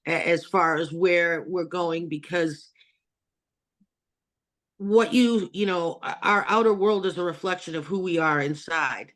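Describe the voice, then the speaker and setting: A woman's voice: fairly low pitch, unhurried, a bit bright. Earnest woman host, loose rambling delivery full of restarts, heard over a video call. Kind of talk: casual interview chat.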